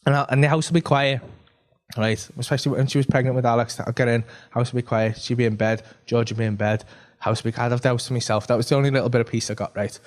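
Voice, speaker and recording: A man, telling an animated, sweary stand-up story on a comedy club stage, tagging lines with "right?". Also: medium pitch, fast.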